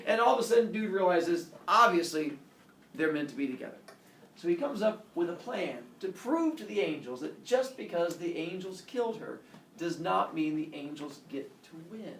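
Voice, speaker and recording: A man's voice: high-pitched, lively intonation, moderate pace, a bit bright, a little hiss or hum. A man teaching a class, talking in a playful, theatrical way. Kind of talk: classroom lesson. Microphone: camera across the room. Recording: echoey classroom from far off.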